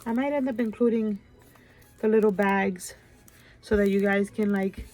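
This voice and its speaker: A woman's voice: medium pitch, fairly even intonation, normal speed, pauses often, a little mellow, soft background music. A woman hosting a craft channel, chatting casually and gushing over her work with a stuffy nose. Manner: gushing, chatty, keeps saying "you guys". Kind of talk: casual show-and-tell chat.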